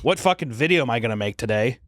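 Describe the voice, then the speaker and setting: A young man co-hosting a casual podcast, animated and profane, acting out little scenes as he talks. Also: mid-range voice, fast talker, no room sound. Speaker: podcast co-host and animation YouTuber.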